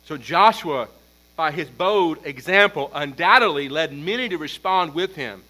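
A man preaching an expository sermon as pastor, emphatic, building force on repeated points and then dropping low. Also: lively intonation, unhurried, bright, forceful tone, low-quality recording.

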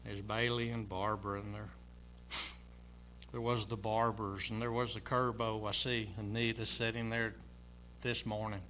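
An older man in his sixties preaches from the pulpit with a bright, forceful tone. He speaks in a folksy, personal way, chuckling now and then between memories. A faint hum sits under the church recording. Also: on the low side, level tone, moderate pace. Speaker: pastor. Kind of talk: sermon. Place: church sanctuary.

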